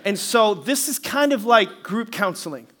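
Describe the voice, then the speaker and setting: A man's voice: high-pitched, normal speed. A man pastor preaching a sermon, telling stories with animation and calling for amens from the congregation. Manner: animated storytelling, calls for amens.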